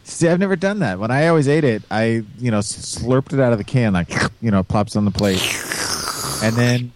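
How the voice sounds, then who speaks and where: A man's voice: medium pitch, animated, fairly quick, a little mellow, a little hiss or hum. A man co-hosting a podcast in casual chat, rambling with crude jokes and lots of fillers over a remote call mic. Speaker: podcast co-host.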